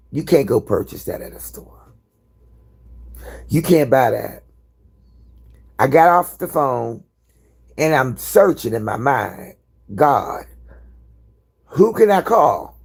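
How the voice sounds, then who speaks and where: Gravelly, husky man chatting candidly. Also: mid-range voice, a little mellow. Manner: candid, profane, rambling storyteller. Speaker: live-stream host. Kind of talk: casual live-stream chat.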